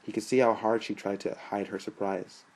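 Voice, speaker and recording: A man reads a novel aloud in a steady, storytelling manner. His voice sits low and calm throughout the narration. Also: moderate pace, poor audio. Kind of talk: audiobook narration.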